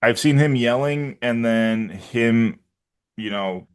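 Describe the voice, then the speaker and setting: A man co-hosting a podcast, chatting casually about a TV episode. He jokes around with mock insults and talks at an unhurried pace, in a voice of middle pitch. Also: clear, resonant tone. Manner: joking, throws in mock insults and laughs. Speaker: podcast co-host.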